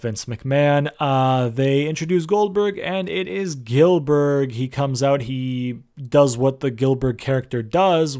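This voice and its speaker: Young dude rambling thru a wrestling recap, lots of ums and swearing, normal pitched voice. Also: male voice. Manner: rambling, loose, peppered with fillers and swearing. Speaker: wrestling show reviewer. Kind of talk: casual recap and opinion.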